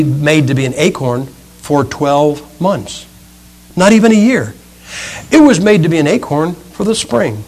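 A middle-aged man preaching a sermon with animated, folksy storytelling and humor. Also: fairly high pitch.

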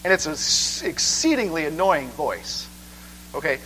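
A man preaching a sermon in church, conversational and animated, asking "okay?" again and again. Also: fairly high pitch, unhurried, breathy edge, low-quality recording.

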